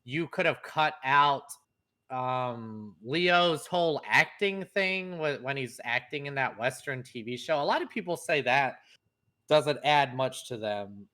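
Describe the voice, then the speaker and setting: A young man co-hosting a casual podcast, talking fast and animatedly with lots of fillers. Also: medium pitch, animated, pushed and bright. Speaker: podcast co-host. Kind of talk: casual chat.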